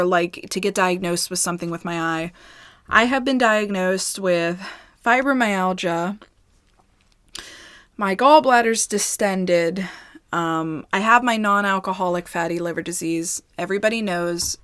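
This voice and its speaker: Breathless woman, low and dry. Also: fairly bright tone, no echo. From United States. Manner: rambling, candid, filler-heavy. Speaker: ASMR storytime creator. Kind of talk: casual storytime chat.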